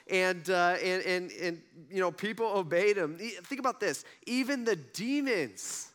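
High, bright-voiced man preaching casually. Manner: animated, conversational retelling with acted-out quotes. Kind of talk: casual storytelling sermon.

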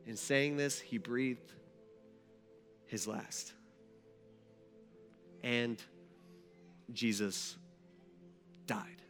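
A man preaching a sermon, moving between hushed storytelling and rising, emphatic passages. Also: medium pitch, very slow, pauses often, long reverb tail, soft background music. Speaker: pastor.

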